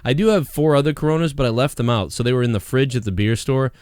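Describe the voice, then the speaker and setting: A man's voice: mid-range voice, fast, a little mellow, clean tone, no echo, studio quality. A man hosting a live call-in stream in casual, rambling chat, laughing often and repeating himself. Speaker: host of a live call-in show.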